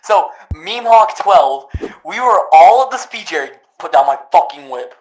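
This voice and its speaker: A man's voice: high-pitched, lively intonation, a little slow, noisy background. A young man hosting a casual podcast, telling crude, rambling stories full of swearing. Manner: crude, rambling, profane storytelling. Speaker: podcast host. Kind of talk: casual gaming podcast chat.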